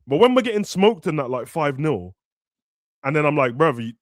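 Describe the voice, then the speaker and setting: A young man with a slightly high voice chats about football in quick slang, often jumping into raised voices to play footballers. The sound is close and dry. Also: no echo. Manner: animated, slangy, acts out players in raised voices. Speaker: football podcast host. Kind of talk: casual football chat.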